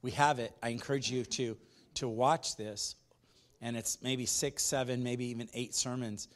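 A pastor preaches a sermon in a mid-range voice with fairly even intonation at a moderate pace. He is emphatic, repeats his phrases, and puts questions to the congregation.

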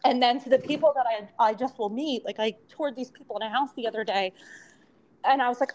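High-voiced woman with a lisp. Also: animated, fast, darkish tone. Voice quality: lisp from temporary crowns. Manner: chatty, rambling, laughs often. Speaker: podcast co-host. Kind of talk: casual chat.

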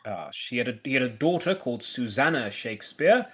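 A man's voice: mid-range voice, sing-song, a little fast, a bit bright, husky. Dry-witted man explaining history. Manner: explanatory, checks his notes, dry wit. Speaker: podcast co-host. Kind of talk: casual podcast chat.

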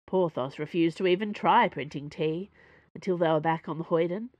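A woman reading her own serialized fiction aloud, expressive and lively storytelling. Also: lowish voice, moderate pace, no room sound, lo-fi sound. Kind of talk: scripted fiction narration.

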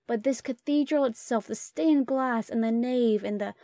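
A woman co-hosting a casual travel talk, with a slightly high voice. She speaks earnestly and straight to the listener, often calling them guys. The recording is dry and close. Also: moderate pace, warm tone, no room sound. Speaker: travel vlog co-host.

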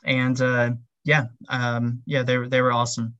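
A man's voice: medium pitch, flat delivery, unhurried, fairly bright tone, no room sound. Guy on a podcast rambling about gear, lots of ums and likes, kinda muffled dry sound. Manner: rambling, heavy with fillers like "um" and "like". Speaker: podcast guest, ultrarunner. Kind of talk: casual interview chat.

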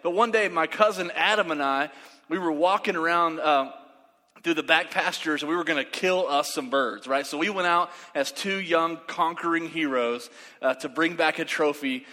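Lively preacher in a reverberant hall. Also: male voice, a little high, moderate pace. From West Texas. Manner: animated, acts out voices in his story. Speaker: pastor. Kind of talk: sermon with storytelling.

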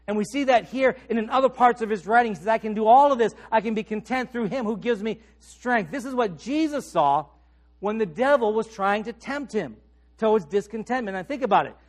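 High-voiced preaching man. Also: expressive, a little fast. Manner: trails off soft and low at phrase ends, rises on questions. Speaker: pastor. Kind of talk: sermon.

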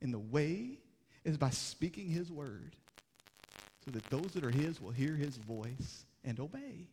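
A young adult man preaching a sermon as pastor, moving between urgent, rising exhortation and hushed, grave passages. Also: a little high, sing-song, measured pace, slightly rough. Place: church sanctuary. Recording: long hall reverb.

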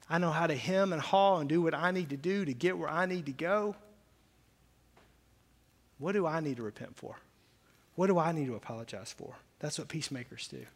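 A man preaching a sermon as pastor, impassioned, swinging between loud emphatic peaks and hushed intensity. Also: on the high side. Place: church sanctuary. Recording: long hall reverb.

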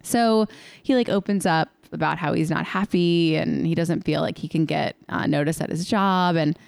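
A young woman in casual chat, recapping a movie with lively retellings and frequent laughter. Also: low-pitched, moderate pace, vocal fry, dry recording. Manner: animated, laughs often, acts out lines from scenes.

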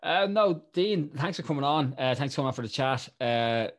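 An Irish man hosts a relaxed conversation, stumbling through restarts and fillers as he gathers his thoughts. His voice sits at an ordinary middle pitch. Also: brisk. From Ireland. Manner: hesitant, many restarts and fillers. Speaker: podcast host. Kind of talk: casual chat.

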